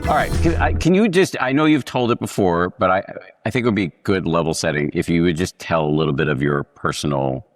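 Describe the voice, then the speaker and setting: A man from Massachusetts hosting an interview, asking questions in a halting way with restarts. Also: low voice, big-room sound, faint music behind. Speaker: podcast host.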